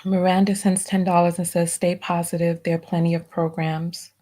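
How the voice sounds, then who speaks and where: A woman hosting a live stream, reading out viewer donation messages and softly thanking each one. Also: fairly low pitch, little pitch movement, normal speed, slight background noise. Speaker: livestream host.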